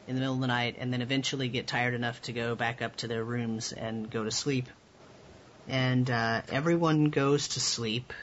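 A man narrating as game master of a tabletop game over a voice call, in a relaxed, rambling way with frequent chuckles. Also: mid-range voice, slight background noise. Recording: dull lo-fi voice call audio.

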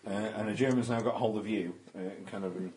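A man running a tabletop game as game master, describing the action in a relaxed, halting way with frequent ums. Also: lowish voice, background noise.

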